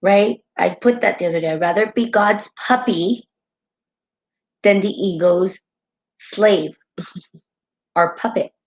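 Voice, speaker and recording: A woman's voice: medium pitch, takes it slowly, long pauses. Woman on a spiritual live stream, heartfelt and rambling, keeps saying right?, a bit muffled. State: tearful at times.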